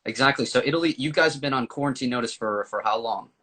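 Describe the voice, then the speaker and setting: A man's voice: mid-range voice, fast, fairly bright tone. A man hosting a casual live-stream chat, upbeat and chatty, talking to viewers and a guest. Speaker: host.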